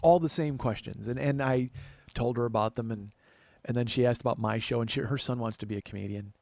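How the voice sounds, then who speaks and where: A man's voice: medium pitch, brisk, vocal fry, a little mellow, no room sound. A man in his forties telling stories in a casual podcast monologue. He chats freely, swears offhandedly and acts out the people he quotes. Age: 40s. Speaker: podcast host.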